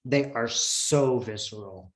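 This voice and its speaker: A man in an interview, telling a personal story in an earnest, emotional, reflective way with many pauses and fillers, heard over a video call. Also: mid-range voice. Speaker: interview guest. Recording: roomy echo.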